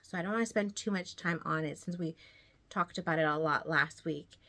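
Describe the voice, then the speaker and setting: A woman's voice: low-pitched, a little fast, pushed and bright. A woman vlogging casually about her knitting, slightly out of breath, chatty and rambling with frequent laughs. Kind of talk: casual chat to camera.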